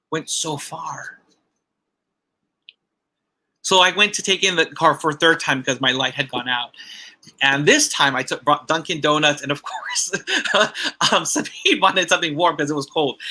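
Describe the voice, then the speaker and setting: A man's voice: fairly high pitch, sharp tone. A man giving a personal testimony at a church ceremony, telling a story with repeated phrases and acted-out quotes.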